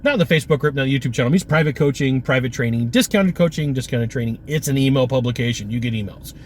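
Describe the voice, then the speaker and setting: A man giving an energetic, punchy sales coaching talk with lots of repetition. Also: medium pitch, fast, a little hiss or hum.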